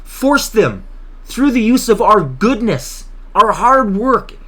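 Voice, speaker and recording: A man's voice: high voice, sing-song, slow, fairly bright tone. A man from Canada hosting his own political vlog, worked up and emotional, talking in an agitated, impassioned way and repeating himself. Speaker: political vlogger host.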